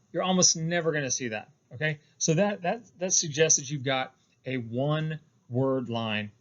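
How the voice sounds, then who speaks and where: A man's voice: mid-range voice, fairly bright tone, muffled recording. A man giving a recorded lecture on poetic meter, hesitant and full of fillers, drawing out key terms. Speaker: poetry instructor.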